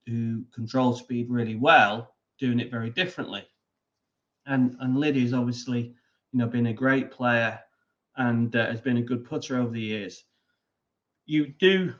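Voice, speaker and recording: A man coaching putting explains his ideas in a measured way, pausing on "um" and restarting his sentences. His voice is mid-pitched. The recording sounds a little dull and muffled. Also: a bit bright. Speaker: putting coach, interview guest. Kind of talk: explanatory interview answer.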